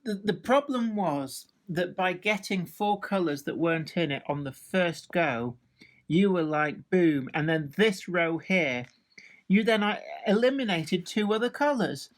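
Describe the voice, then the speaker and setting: A woman's voice: on the low side, animated, a little slow. A woman chatting eagerly in a casual vlog, explaining the game and her hobby plans. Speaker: co-host and opponent. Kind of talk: casual chat.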